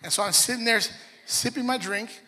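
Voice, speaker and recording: A high, bright man preaches in a lively storytelling sermon, slipping into voices for each character. His voice has a husky edge. It rings with a long reverb through a large hall. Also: brisk. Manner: animated, acts out voices in dialogue. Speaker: pastor.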